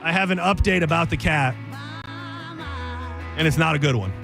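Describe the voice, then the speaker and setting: A man's voice: fairly high pitch, moderate pace, vocal fry, over music. A man hosting a talk radio show, chatting casually with his co-host in a self-mocking, rambling way full of restarts.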